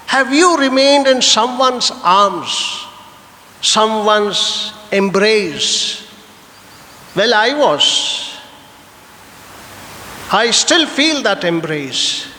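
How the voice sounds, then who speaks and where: A high-voiced man preaches in earnest, asking his listeners question after question. His tone is bright and sharp. A long reverb trails behind him, as in a large church. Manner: earnest preaching with rhetorical questions and a personal anecdote. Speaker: priest. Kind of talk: Sunday homily.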